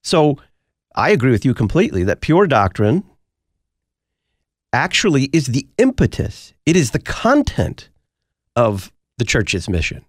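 A man's voice: medium pitch, huge pitch swings, a little slow, long pauses, no echo, clean studio sound. A man hosting a talk radio show, answering listener mail in an emphatic, preacherly way.

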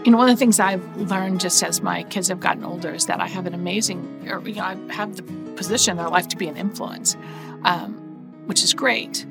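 A middle-aged woman on a panel, explaining her view in a reflective, steady way. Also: lowish voice, fairly quick, creaky, over music. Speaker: panel guest. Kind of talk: panel conversation.

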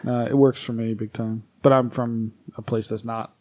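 A man in a mid-range voice trades opinions in a relaxed podcast chat. He keeps the talk moving with questions and laughs often along the way. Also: mid-range voice, moderate pace. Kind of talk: casual chat.

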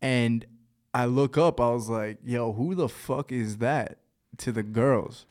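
A man's voice: medium pitch, slow pace. A young man in casual podcast chat, telling a story with lots of laughter and acted-out quotes. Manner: animated storyteller, laughs a lot, acts out quotes. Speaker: podcast guest.

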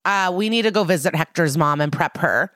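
A woman's voice: on the low side, a little fast, a bit bright, no echo, clean studio sound. A woman co-hosting a podcast, recapping a TV episode in casual chat, swearing freely and acting out the characters' lines. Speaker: podcast co-host.

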